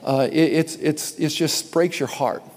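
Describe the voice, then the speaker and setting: A man preaching as pastor to his congregation, impassioned, repeating words and rising to loud emphasis. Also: on the high side, unhurried. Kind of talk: sermon announcements to a congregation. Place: large church sanctuary. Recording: long hall reverb.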